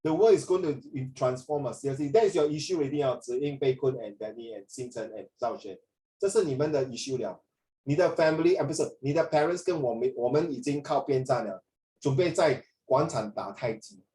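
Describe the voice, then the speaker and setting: A man, teaching a classroom lesson in an animated way and mixing in Mandarin. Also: mid-range voice, brisk. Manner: animated, mixes in Mandarin, frequent "ah" tags. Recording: echoey classroom from a distance.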